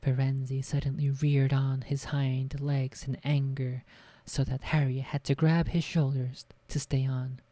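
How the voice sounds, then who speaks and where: A woman's voice: very deep voice, flat delivery, measured pace, hardly any pauses, mellow, no echo. A woman streamer reading a book aloud in a casual way, swearing at her own slips. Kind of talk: casual read-aloud narration.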